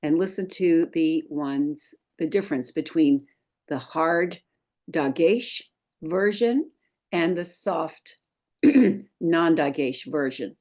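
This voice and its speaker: A woman's voice: deep voice, slow, a little mellow. A woman teaching a Hebrew lesson over a screen share, patiently reciting letters one by one for learners to repeat.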